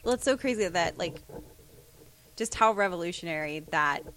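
A woman's voice: fairly low pitch, lively intonation, normal speed, fairly bright tone, no echo. A young woman co-hosting a casual podcast chat, earnest and agreeable. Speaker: podcast co-host.

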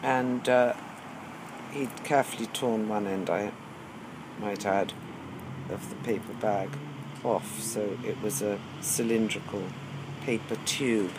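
A middle-aged man musing aloud in a slow, hesitant monologue with many pauses and ums. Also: lowish voice, fairly even intonation, background noise. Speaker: teacher. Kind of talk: reflective spoken monologue.

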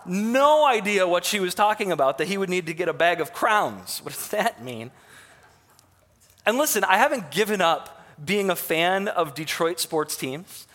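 A man's voice: high voice, lively intonation, normal speed, few pauses, fairly bright tone. A man in his thirties from Michigan, with a Michigan accent, preaching a sermon in a folksy, self-mocking way, full of fillers and restarts. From Michigan, USA. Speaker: pastor. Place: church sanctuary. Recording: long hall reverb.

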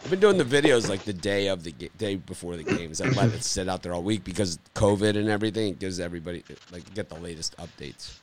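A man's voice: deep voice, lively intonation, fast talker, few pauses. A man hosting a casual sports betting chat, joking and laughing often. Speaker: host of a sports betting show.

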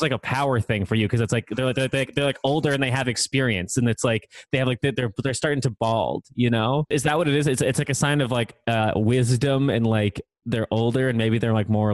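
A man's voice: medium pitch, no echo. A man hosting a casual group chat, rambling with many fillers and teasing his guests.

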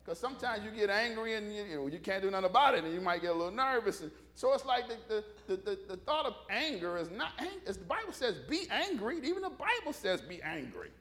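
A man's voice: sits high, animated, quick pace, few pauses, a bit bright. A middle-aged male pastor, preaching a folksy sermon full of stories and calls for amens. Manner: folksy storytelling with call-and-response.

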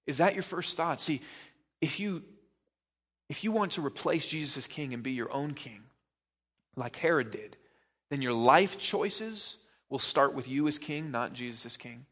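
A man's voice: on the high side, lively intonation, measured pace, fairly bright tone. A man preaching a sermon as pastor, pressing the listener with probing rhetorical questions and emphatic repetition.

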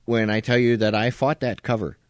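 A man's voice: medium pitch, flat delivery, a little fast, dry recording, clean studio sound. A man in his forties, a podcast co-host telling stories in casual chat and quoting his father. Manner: storytelling, quoting his dad in a gruff voice.

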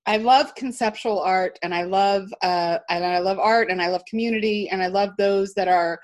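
A woman telling a personal story as an interview guest, animated and emphatic, with frequent restarts. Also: mid-range voice, normal speed. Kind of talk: storytelling in conversation.

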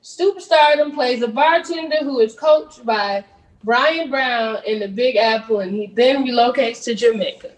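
A woman with a high voice chimes in with quick, emphatic remarks in casual podcast chat. Her mic picks up a roomy echo.

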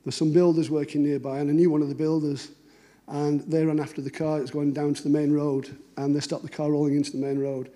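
A middle-aged man tells stories in a relaxed, anecdotal way. His voice sits a little high but has a dark, mellow tone. He slips into the voices of the people he quotes. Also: fast. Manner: conversational, anecdotal, acts out dialogue. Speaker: cartoonist giving a talk. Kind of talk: storytelling talk.

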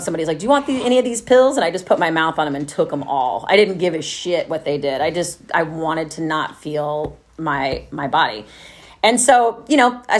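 A middle-aged woman from Texas, telling a personal story to a live audience in a candid, wry way, often laughing and saying "like". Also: on the low side. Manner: candid, wry, laughs through dark memories, many fillers like "like".

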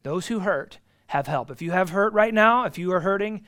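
A man teaching an adult Bible class, earnest and emphatic, repeating key phrases and swinging between loud stresses and soft asides. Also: sits high, lively intonation, normal speed.

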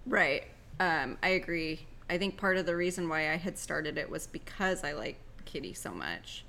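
A woman co-hosts a podcast, chatting casually about comics, full of fillers and quick to laugh. Her low-pitched voice is expressive and bright, with a forceful tone.

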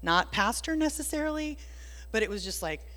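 A woman's voice: on the high side, expressive, brisk, bright, forceful tone. A woman sharing a casual faith testimony, telling it with animation and dropping into whispers for emphasis. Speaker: Christian speaker sharing a testimony. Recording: long reverb.

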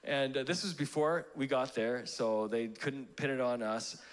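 A man's voice: medium pitch, steady tone, a little slow, smooth. A pastor preaching a sermon, telling a personal story in a conversational way, laughing at himself and restarting his sentences. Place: church auditorium.

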